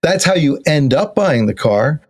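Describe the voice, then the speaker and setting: A man hosting a podcast interview, chatting in a lively way with many fillers and restarts. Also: a little high, measured pace. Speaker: podcast host. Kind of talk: conversational interview.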